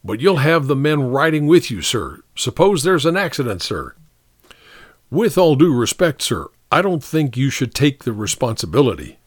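Guy voicing a tired sergeant holding his ground, lively voice, dry close mic. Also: mid-range voice, normal speed, dry recording. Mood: strained. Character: weary, stubborn army sergeant, middle-aged man.

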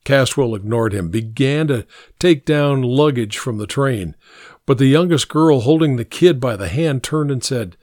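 A man narrating a story aloud in a measured, expressive way. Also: medium pitch, no echo, clean studio sound. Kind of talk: story reading.

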